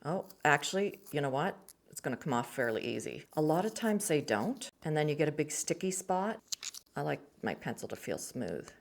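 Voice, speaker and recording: This art channel host, a middle-aged woman, has a low, creaky voice with wide pitch swings at normal speed. She talks with enthusiasm and murmurs to herself as she tries pencils and paint.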